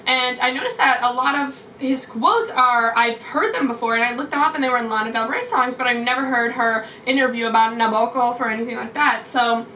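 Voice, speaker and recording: A woman's voice: a little high, fairly quick, few pauses, pushed and bright, slight background noise. A young adult woman gushing through a casual storytime vlog, rambling with many fillers. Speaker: vlogger. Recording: roomy echo from far off.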